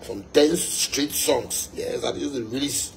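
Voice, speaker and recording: A man's voice: medium pitch, slow pace, slight background noise, poor audio. A young Ghanaian man, a musician, delivering a fiery, emphatic monologue to his fans, repeating his points and slipping into pidgin.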